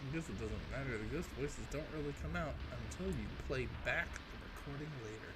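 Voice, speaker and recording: A man's voice: medium pitch, animated, brisk. A man reading a game's dialogue aloud and breaking in with sarcastic, swearing asides as a let's play host. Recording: clear background noise.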